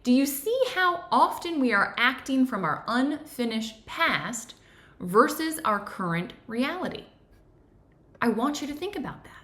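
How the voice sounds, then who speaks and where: A woman's voice: high voice, big pitch swings, measured pace, bright, forceful tone, roomy sound. A woman giving a conversational self-help lesson, often checking in with "right?". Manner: conversational, keeps asking "right?". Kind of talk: guided teaching talk.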